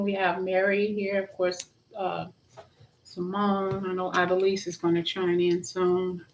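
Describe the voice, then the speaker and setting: A woman's voice: mid-range voice, noisy background. A woman hosting a live tarot stream, chatting casually and greeting viewers by name, with frequent restarts.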